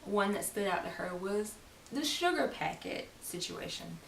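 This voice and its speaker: A woman's voice: medium pitch, lively intonation, unhurried. A young woman vlogging in a casual, chatty way, with laughing asides and quoted lines acted out. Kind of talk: casual talk to camera. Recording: roomy echo, distant mic, faint hiss.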